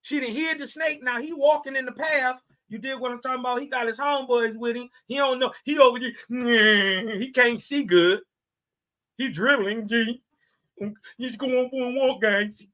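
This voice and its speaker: Reading scripture, this man keeps breaking off into laughing, mocking street-slang remarks and checks that his listeners follow, giving casual religious commentary. His voice is extremely high, pushed and bright, at a moderate pace.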